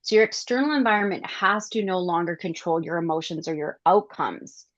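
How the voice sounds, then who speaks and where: Woman coach talking to her class, lowish voice, dry muffled call audio, acts out her reactions. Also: brisk, dry recording. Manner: lively storytelling, acts out own reactions. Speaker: wellness coach.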